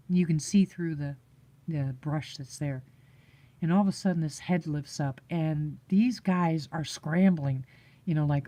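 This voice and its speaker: A woman's voice: sits low, measured pace, dark tone. A woman telling a rambling story in casual chat, full of fillers and restarts and often laughing. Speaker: live chat host.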